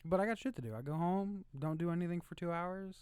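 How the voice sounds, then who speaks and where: A man's voice: high voice, quick pace, darkish tone, clean tone, no echo. A young man co-hosting a podcast, laid-back and wry, chatting casually. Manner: laid-back, short agreeing replies, wry. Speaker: podcast co-host. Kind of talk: casual chat.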